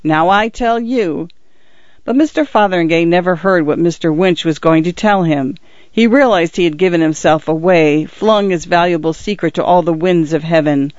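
A man reads a story in a measured, steady way. His voice sits a little high. The recording is dry and slightly dull. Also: no echo. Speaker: narrator. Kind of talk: scripted audiobook narration. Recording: dry, somewhat muffled recording.

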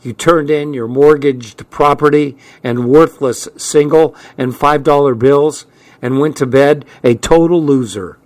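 A man's voice: a little high, measured pace, a little mellow, dry recording. Man narrating a story, dry close sound. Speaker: audiobook narrator. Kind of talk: scripted narration.

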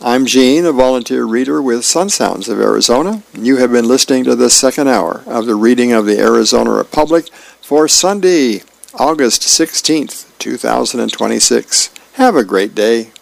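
A man's voice: medium pitch, normal speed, gravelly, no echo, rough recording. A man, a volunteer radio reader, casually reading comic strips and birthdays aloud.

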